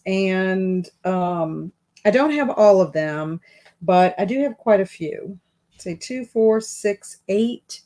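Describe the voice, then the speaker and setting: A woman hosting a casual live stream from her home office, chatting and answering viewer comments as they come in. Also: medium pitch. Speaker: booktube live stream host.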